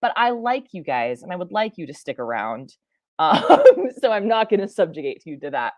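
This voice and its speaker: Low-pitched woman streamer, rambly and chatty, lots of ums, dry close sound. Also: very animated, normal speed, darkish tone, no room sound. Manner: rambling, many fillers and self-interruptions; chatty, laughs often. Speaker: science streamer. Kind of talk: live-stream reaction chat.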